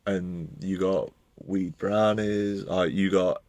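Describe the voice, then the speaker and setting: A man co-hosting a podcast, telling relaxed, rambling anecdotes full of slang. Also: low voice, slow pace, no room sound. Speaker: podcast co-host. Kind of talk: casual chat.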